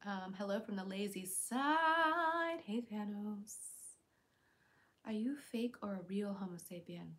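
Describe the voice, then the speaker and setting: A woman streamer chatting casually on a livestream, reading viewers' comments aloud and answering them with quick giggles. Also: mid-range voice. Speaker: streamer and voice actor.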